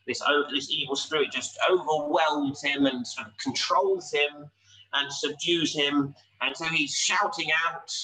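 Male preacher, bright, slightly high voice, chatty sermon full of rhetorical questions, mic set back with faint noise. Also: recorded from a distance, poor audio. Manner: conversational, asks rhetorical questions; pausing, lively emphasis.

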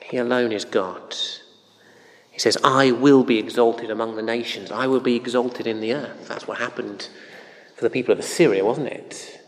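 A man's voice: medium pitch, steady tone, moderate pace. A man preaching a sermon in a loose, conversational way, with anecdotes and frequent ums and uhs. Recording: echoey hall with long reverb.

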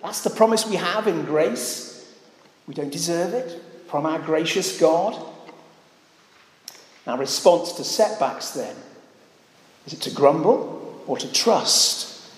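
A man's voice: a little high, lively intonation, takes it slowly, pauses often. A man preaching a sermon in a church, earnest and often putting rhetorical questions to the congregation. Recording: echoey church hall.

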